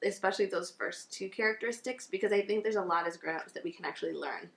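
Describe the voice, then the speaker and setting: A woman speaking thoughtfully and gently in a relaxed conversation, with many fillers. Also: mid-range voice, fast talker. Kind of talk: conversational discussion. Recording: echoey room, faint noise.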